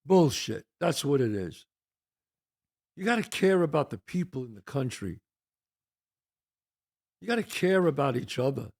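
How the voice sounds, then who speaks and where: A man's voice: mid-range voice, big pitch swings, measured pace, creaky, long pauses, a little mellow. An older American man hosting his own show, delivering a heated, profane solo rant full of rhetorical questions. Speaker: podcast host.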